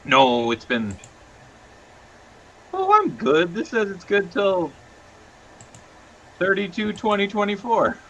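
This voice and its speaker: A man hosts a relaxed livestream among friends, his voice swinging up and down as he laughs through asides. There is a faint hiss of background noise under his voice. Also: high-pitched, dull audio. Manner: laughing, animated, quick asides. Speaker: stream host. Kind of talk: casual livestream chat.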